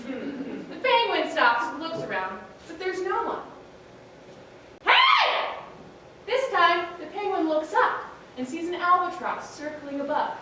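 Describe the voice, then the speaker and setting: A woman's voice: high-pitched, sharp tone, a little hiss or hum. A woman telling a comic animal story on a theatre stage, playful, with chatty asides. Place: theatre stage, live performance. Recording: roomy hall, voice from far off.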